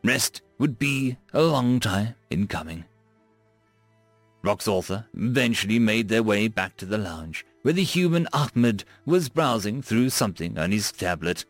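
A male narrator reading a space story with a lively, wide-ranging delivery at a middle pitch. The recording is dry and close, with faint music playing underneath. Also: a little slow, no echo. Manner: animated storytelling.

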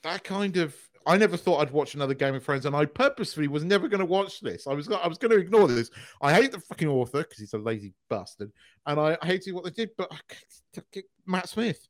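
A man's voice: fairly high pitch, animated, fairly quick, dry recording. Blunt, sweary man ranting. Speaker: podcast co-host. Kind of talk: casual chat.

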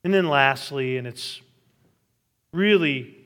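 A man's voice: mid-range voice, takes it slowly, a bit bright, long reverb tail. A middle-aged male pastor preaching a sermon, reading scripture aloud and building to emphatic peaks. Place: church sanctuary.

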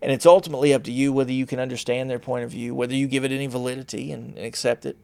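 A man with a gravelly, fry-edged voice talks in a rambling, blunt monologue, often mocking himself. His pitch sits in an ordinary middle range, and the sound is dry and close. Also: steady tone, racing, a little mellow, no room sound. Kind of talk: casual monologue.

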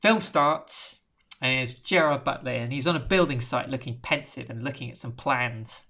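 A man's voice: mid-range voice, normal speed, bright, forceful tone. A man hosting a casual podcast, retelling a film plot in a rambling, jokey way. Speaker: podcast host. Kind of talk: casual film recap chat.

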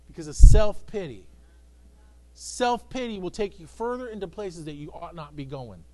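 Preaching emphatically to a responsive congregation in a church sanctuary, a male pastor uses call-and-response and performs character voices. His voice sits high and sounds mellow yet expressive, at a moderate pace.

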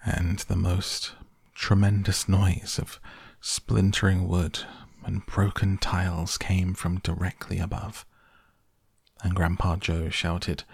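A man reading a children's story aloud in a measured, expressive narration. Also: low-pitched, gravelly, husky, no room sound, clean studio sound. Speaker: audiobook narrator.

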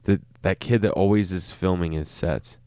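Man, very low voice, podcast host, relaxed questions, dry close mic. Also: moderate pace, clean tone, no echo. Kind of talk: casual podcast chat. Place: his rented home.

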